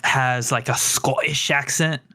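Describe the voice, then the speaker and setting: Male podcast co-host, casual and animated, mid-range voice, laughs easily. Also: mid-range voice, a little slow, vocal fry. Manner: animated, laughs often, self-deprecating. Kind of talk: casual chat.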